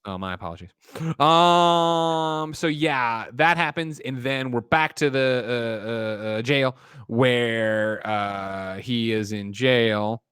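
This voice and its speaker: A man's voice: mid-range voice, takes it slowly, clear, resonant tone, dry recording, studio quality. Man rambling through a movie recap. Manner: rambling recap, acting out characters' lines with loud mock quotes. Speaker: podcast co-host. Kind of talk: casual chat, movie plot recap.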